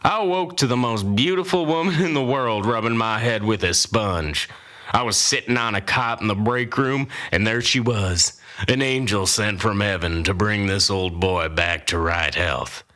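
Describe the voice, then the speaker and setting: A man's voice: on the low side, moderate pace, pushed and bright. A man playing a grizzled old cowboy who tells a comic tall tale in a folksy, boastful, rambling way. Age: older. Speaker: storyteller.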